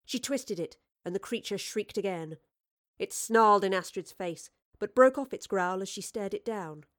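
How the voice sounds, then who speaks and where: A woman's voice: mid-range voice, moderate pace, fairly bright tone. Woman narrating a storybook.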